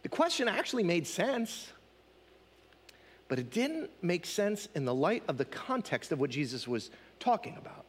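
A male pastor delivers a sermon in a chatty, questioning way. His voice sits high and swings widely in pitch. A long reverb from a large hall hangs behind his words. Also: big pitch swings, normal speed, husky. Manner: conversational, asks the congregation questions.

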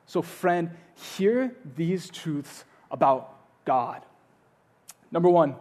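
Earnest male preacher, fairly high voice. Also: animated, drawn-out words. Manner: earnest, repeats phrases, swings from loud urging to hushed. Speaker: pastor. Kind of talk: sermon.

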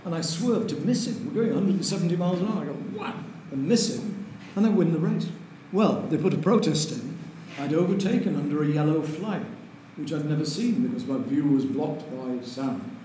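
An older man, telling lively anecdotes as an interview guest and chuckling through them. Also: a little high, a little fast, few pauses. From Lancashire, England. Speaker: interview guest, racing driver. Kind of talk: anecdotal storytelling. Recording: very echoey room with faint noise.

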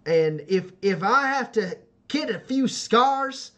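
A man playing a sheepish young farm boy who trips over his words and never quite commits. He speaks a little low and soft, as if afraid to presume. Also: expressive, slow, heavily acted. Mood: earnest. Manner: stammering, unsure. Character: timid young homesteader man, hesitant.

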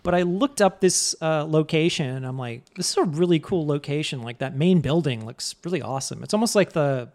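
A man co-hosting a podcast, talking casually and laughing often, with quick asides. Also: fairly high pitch, darkish tone. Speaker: podcast co-host. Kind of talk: casual chat.

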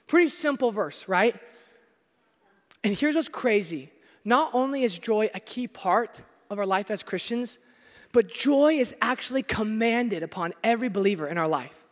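A man preaching a sermon as pastor, energetic and joking with his listeners, shouting some words for emphasis. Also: high-pitched, normal speed, in a large hall.

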